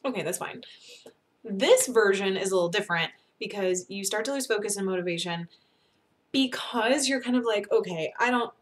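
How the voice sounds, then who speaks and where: A young woman from North Carolina giving casual advice to the camera, chatty and animated, laughing often and acting out what people think. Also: mid-range voice, moderate pace. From North Carolina, USA. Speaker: vlogger.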